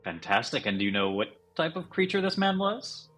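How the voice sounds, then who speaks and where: A man doing a patronizing, husky showman. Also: on the high side, big pitch swings, fairly quick, fairly bright tone, soft background music. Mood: condescending. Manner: patronizing, calls others "my lad". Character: smooth-talking adult male showman fighter.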